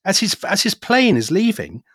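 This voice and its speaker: A man telling a history story in a casual podcast conversation, animated and often laughing as he talks. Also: sits high, normal speed, slightly rough, dry recording, clean studio sound. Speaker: guest storyteller explaining history.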